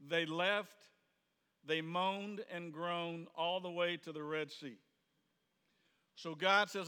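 Taking it slowly with long pauses, a male pastor delivers a loose, conversational sermon in a sanctuary where long reverb follows each phrase. His bright, slightly high voice is smooth with fairly even intonation, and he plays out quoted voices before rising to sudden shouts.

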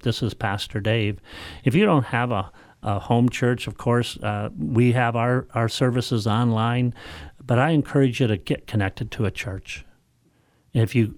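A male pastor, preaching a sermon in measured, emphatic phrases full of rhetorical questions. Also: medium pitch, a little mellow, no echo, clean studio sound.

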